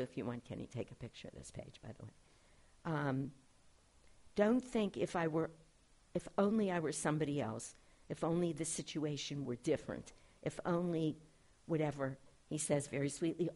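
A low, husky woman speaks earnestly to a small class, reading out spiritual quotations and musing on them. Her voice is dark and mellow, and her tone is gentle. She is a middle-aged spiritual director. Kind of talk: informal spiritual class talk.

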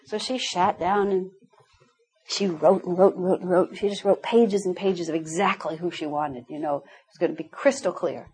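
A woman's voice: fairly low pitch, fairly even intonation, moderate pace, low-quality recording. A middle-aged woman teaching a spiritual class, telling stories with frequent laughter. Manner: warm storytelling, laughing often. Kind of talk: spiritual class talk with anecdotes.

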